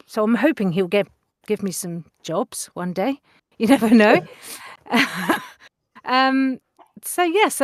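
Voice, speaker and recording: Chatty voice actress, slow and smooth. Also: female voice, mid-range voice, no room sound, studio quality. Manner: chatty, laughs often, many ums. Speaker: voice actor guest. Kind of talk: interview conversation.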